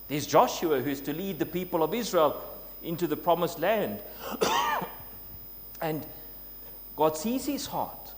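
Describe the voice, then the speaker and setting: A man's voice: on the high side, animated, measured pace, long pauses. A man preaching a sermon in an earnest way, building to emphatic scripture quotes. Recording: long reverb, faint noise with hum.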